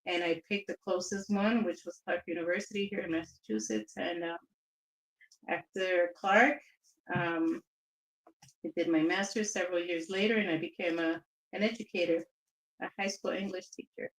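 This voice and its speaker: Woman from socal telling stories in an interview, a bit low, echoey room. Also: fairly even intonation, normal speed. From Southern California. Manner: reflective, chatty storytelling with restarts. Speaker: interview guest. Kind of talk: casual interview.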